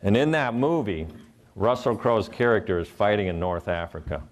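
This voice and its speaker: Low-voiced middle-aged man telling stories onstage. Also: animated, normal speed. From Ohio. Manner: earnest, acts out voices in stories. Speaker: motivational speaker. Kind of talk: live keynote storytelling.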